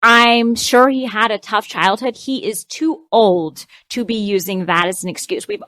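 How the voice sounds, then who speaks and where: A woman's voice: medium pitch, measured pace, a bit bright, no echo. A woman hosting a podcast in casual chat, blunt and joking. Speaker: podcast host.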